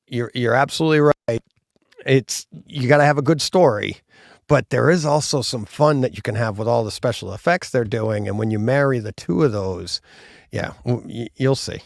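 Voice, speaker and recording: A male host with a gravelly, creaky voice talks casually and animatedly about movie sound. The recording is dry and close, with no room echo. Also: medium pitch, normal speed. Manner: animated, acts out gunshot sounds. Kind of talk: casual chat.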